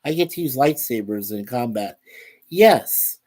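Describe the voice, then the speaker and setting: A man chatting on a live stream in an upbeat, wandering way. He reads out viewers' messages and is easily delighted by them. His voice sits at a middle pitch. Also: animated, measured pace, a little mellow. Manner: rambling, reads chat messages aloud. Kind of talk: casual live stream chat.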